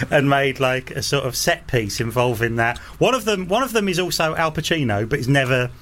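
A man's voice: medium pitch, animated, normal speed, fairly bright tone, slight background noise. A man co-hosting a casual podcast chat, easygoing and amused. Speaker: podcast co-host.

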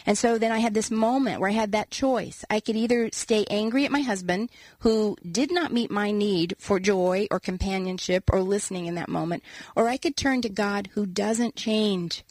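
A woman, an author and guest, telling a personal story in an earnest, animated way and acting out quotes as she talks. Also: medium pitch, normal speed, dry recording. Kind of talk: casual storytelling conversation.

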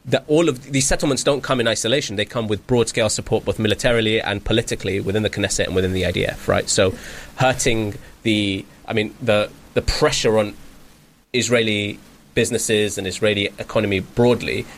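Rapid, lowish-voiced radio co-host. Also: male voice, steady tone, a little hiss or hum. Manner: rapid, with restarts and tag questions. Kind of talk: political discussion. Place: radio studio.

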